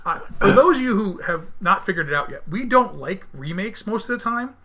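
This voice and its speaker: A man in his thirties hosting a podcast in casual chat, animated, acting out quotes and often restarting his sentences. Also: high-pitched, a little fast, crowd noise. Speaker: podcast host.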